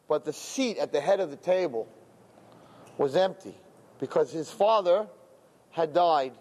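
A man's voice: fairly high pitch, darkish tone. A man telling a religious story to a gathering, often repeating phrases and glossing Hebrew terms in English. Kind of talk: storytelling talk.

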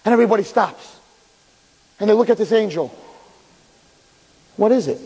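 A man telling a religious story in an animated, dramatic way. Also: high-pitched, normal speed. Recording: echoey hall.

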